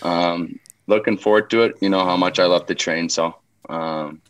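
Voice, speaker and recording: A man from Canada, guesting on a podcast, with a low voice. He talks in a laid-back, self-mocking way in casual interview chat. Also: steady tone, moderate pace, slight background noise. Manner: easygoing, self-mocking storyteller. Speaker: guest, pro hockey player.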